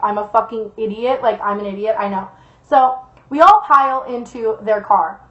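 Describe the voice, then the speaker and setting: A young woman with a fairly high voice tells a story in a rambling, chatty way, swearing freely and repeating lines for emphasis. The sound is dull and lo-fi, and her voice bounces around an echoey room. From Las Vegas, USA. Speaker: vlogger. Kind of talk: casual storytime.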